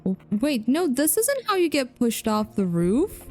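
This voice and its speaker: Woman streamer for game commentary, playful, laughs a lot, slow and mellow delivery. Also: sits high, sing-song, faint music behind. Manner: playful, laughs often, talks to viewers.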